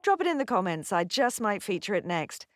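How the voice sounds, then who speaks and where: A woman, a voice actor, giving a scripted pronunciation lesson with clear, careful enunciation. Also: medium pitch, big pitch swings, brisk, dry recording.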